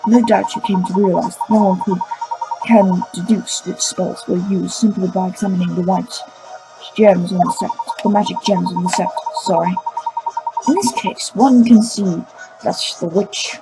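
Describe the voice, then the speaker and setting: A woman's voice: mid-range voice, steady tone, moderate pace, creaky, music in the background, natural voice, low-quality recording. A woman voicing an earnest young male defense lawyer, reading his accusation and correcting slips. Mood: accusing. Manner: reading aloud, self-correcting.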